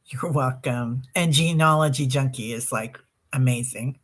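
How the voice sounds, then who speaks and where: A woman's voice: extremely low pitch, unhurried. A woman hosting a group meditation stream, chatting casually and reading out viewer comments, with many fillers and restarts. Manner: chatty, warm-hearted, reads viewer comments aloud; rambling with many fillers and self-corrections. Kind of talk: casual livestream sign-off chat.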